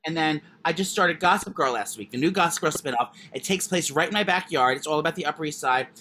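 A young man co-hosting a podcast, rambling through casual chat with lots of fillers and restarts. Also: on the high side. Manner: rambling, fast, animated, many fillers. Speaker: podcast co-host. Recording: faint background noise.

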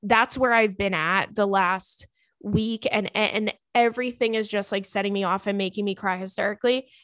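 A young woman hosting a podcast, reading listener emails and chatting in a gossipy, animated way, full of "girl" and "like". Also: mid-range voice, normal speed, no echo. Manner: gossipy, animated, swearing, says "girl" and "like" often. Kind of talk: casual chat.

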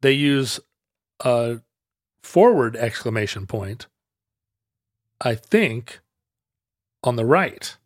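A man's voice: mid-range voice, lively intonation, drawn-out words, pauses often, no echo, studio quality. A man co-hosting a casual chat, musing aloud and often restarting his thoughts.

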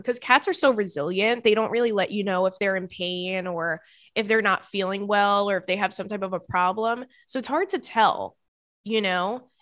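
A young woman hosting a podcast, talking casually and animatedly at a middle pitch. Her voice is close and dry, with no room around it. She slips easily between relaxed chat and bursts of excited emphasis. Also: no room sound. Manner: animated, bursts into high laughter and squeals. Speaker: podcast host.

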